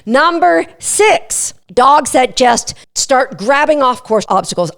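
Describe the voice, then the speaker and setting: A woman's voice: high-pitched, lively intonation, slow pace, creaky, few pauses, fairly bright tone. A middle-aged woman hosting a dog training podcast, talking in an emphatic, coaching way and working through numbered points. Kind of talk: podcast monologue.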